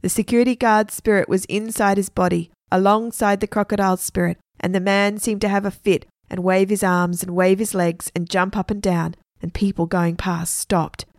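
A woman storyteller reading a children's adventure story aloud with lively expression. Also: medium pitch, normal speed, few pauses, dry recording, studio quality.

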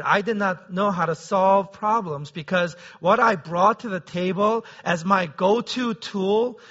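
Male pastor with a high, crisp voice and a conversational preaching manner, on a dull low-fidelity recording. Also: pushed and bright. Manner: conversational, often asks the listeners "right?". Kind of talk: sermon.

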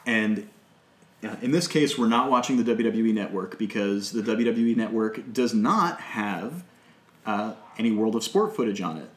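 A man's voice: on the low side, normal speed, echoey room. A man hosting a casual podcast, laughing often and explaining wrestling rules. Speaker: podcast host.

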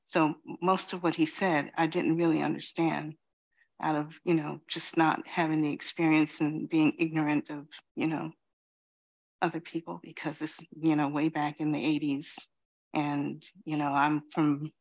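A woman gives a dharma talk, reflective and unhurried. She is in her fifties, speaks slowly and pauses often, with many "you know"s between her thoughts. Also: deep voice, little pitch movement, darkish tone. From Queens, New York. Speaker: Zen teacher.

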